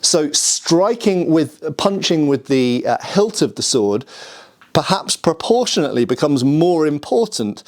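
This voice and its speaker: In a casual explanatory talk, the British sword history host thinks out loud and invites viewers to share their thoughts. He sounds a little high and a little mellow, with a sing-song lilt and a slightly slow pace.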